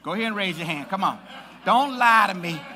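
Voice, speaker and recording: A man pastor preaching a sermon in a church, joking with the congregation and rising to shouts. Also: high voice, expressive, fairly quick, a little hiss or hum. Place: church sanctuary.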